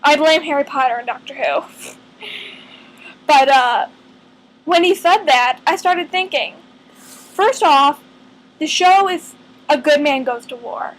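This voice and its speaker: A woman talks to her camera in an unhurried, meandering way, working out her thoughts as she goes. Her voice sits high, and she takes her time, pausing often between ideas. She sounds earnest throughout. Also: poor audio. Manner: earnest, rambling, thinks aloud with many pauses. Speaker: vlogger. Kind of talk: casual fan chat to camera.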